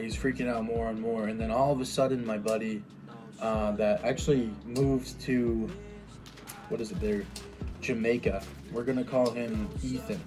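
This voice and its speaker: A man's voice: mid-range voice, warm tone. Young man rambling through a story. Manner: rambling, quick asides and restarts. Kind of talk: casual storytime monologue.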